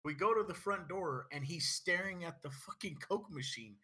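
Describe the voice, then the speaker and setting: A young man in casual chat, telling a story with animated, laughing energy. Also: on the high side, moderate pace, husky.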